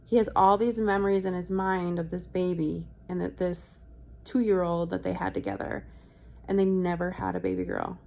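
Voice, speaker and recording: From her hotel bed, a young vlogger who is sick with a virus chats casually, swearing and quoting people as she tells stories. She speaks at a moderate pace in a lowish, level, creaky and mellow voice.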